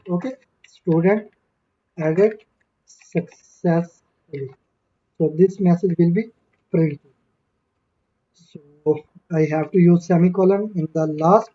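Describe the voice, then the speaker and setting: A woman's voice: fairly low pitch, mellow, highs cut off. A woman giving a screen-recorded programming tutorial, talking hesitantly with many fillers.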